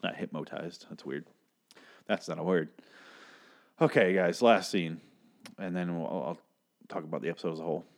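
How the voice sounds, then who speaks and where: A man's voice: low voice, moderate pace, pauses often. A man casually recapping a TV episode, swearing often and sounding exasperated as he rambles through the plot. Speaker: TV recap host.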